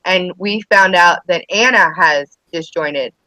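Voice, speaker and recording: A woman who is a mother of schoolchildren speaks a little slowly in a fairly low voice, chatting casually on a podcast. She tells animated stories, acting out the quotes, over poor audio.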